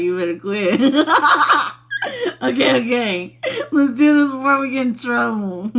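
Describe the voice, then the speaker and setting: A woman's voice: fairly high pitch, a bit bright. A young adult woman hosting a spiritual livestream, chatting casually with viewers, laughing constantly and swearing freely. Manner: laughs constantly, giggly and profane.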